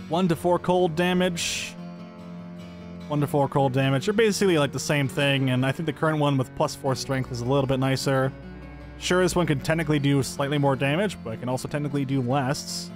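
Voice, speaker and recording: A man giving upbeat, chatty let's-play commentary, thinking aloud as he plays. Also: a little high. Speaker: gameplay commentator.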